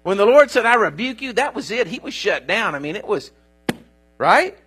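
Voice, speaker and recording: A man's voice: high-pitched, big pitch swings, normal speed, bright, forceful tone, husky, faint music behind. A man preaching a sermon in an emphatic way, often checking that his listeners are following him.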